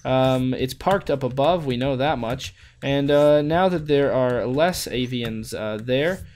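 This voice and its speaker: A man's voice: mid-range voice, slow pace, a little mellow. Goofy man narrating his gameplay. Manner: goofy rhymes and wordplay; chatty, narrates every move. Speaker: gaming channel host. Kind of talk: let's play commentary.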